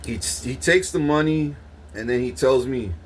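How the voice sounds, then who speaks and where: A man's voice: mid-range voice, a little slow, slight background noise. A young man, talking casually and rambling through a story with profane street slang and many restarts. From Corpus Christi, Texas. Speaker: vlogger. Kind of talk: casual monologue recounting a dream.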